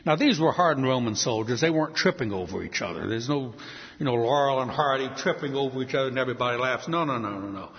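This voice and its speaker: A man preaching a sermon with emphasis, asking rhetorical questions and swinging between loud and soft. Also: mid-range voice, expressive, fast talker. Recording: dull, echoey hall sound.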